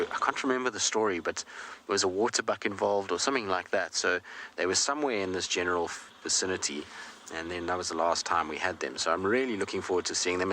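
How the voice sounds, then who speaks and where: A man commenting live as a safari guide, chatty and unhurried, with many fillers and drawn-out words. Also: low-pitched, sharp tone, slight background noise.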